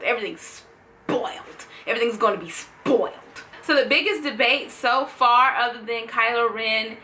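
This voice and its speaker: Bright-voiced chatty woman vlogger. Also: a little high, a little hiss or hum. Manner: chatty, playful, animated asides. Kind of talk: casual fan-theory vlog.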